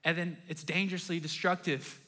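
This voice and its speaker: A man's voice: fairly high pitch, flat delivery, brisk, sharp tone. A young adult man preaching a sermon as a pastor, telling stories with animation and acting out his own thoughts in quoted lines.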